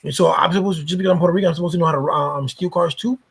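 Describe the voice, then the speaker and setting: A man's voice: on the high side, fairly even intonation, rapid-fire, creaky, a little hiss or hum. A man talking casually to his vlog viewers, rambling and swearing freely, often repeating himself. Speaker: YouTuber.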